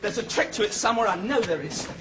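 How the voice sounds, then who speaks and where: Eager young recruit playing detective, smug, high lively voice, hissy tv sound. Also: male voice, fast. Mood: explaining. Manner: animated, self-satisfied. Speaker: RAF trainee. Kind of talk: 1980s TV sitcom acting. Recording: noisy old TV soundtrack.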